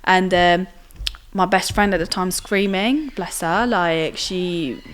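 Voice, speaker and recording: A woman's voice: lowish voice, slow pace, slight background noise. A young woman, telling her own story as an interview guest in a chatty way full of fillers and tag questions. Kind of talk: casual personal storytelling.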